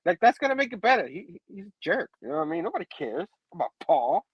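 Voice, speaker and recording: A man's voice: sits high, sing-song, fast, breathy edge, no echo, lo-fi sound. A man hosting a casual comic book review show, laughing often and saying "you know what I mean" again and again. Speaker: host.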